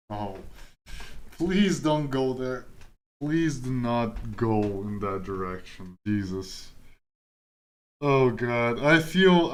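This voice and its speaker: A man's voice: medium pitch, fairly bright tone. A young man streaming, chatting casually and rambling while he codes, often stopping mid-sentence and laughing. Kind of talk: casual chat while coding.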